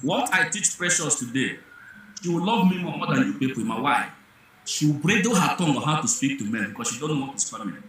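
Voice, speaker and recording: A man's voice: fairly high pitch, animated, a little fast, a bit bright, heavy reverb, a little hiss or hum. A Nigerian man arguing insistently in a live online discussion, firing off rhetorical questions and repeating himself. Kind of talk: heated live-room debate in Pidgin and Igbo mix.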